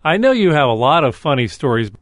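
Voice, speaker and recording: A man's voice: a little high, very animated, fast talker, fairly bright tone, dry recording. A man interviewing a former radio host, asking questions and giving brief encouraging prompts.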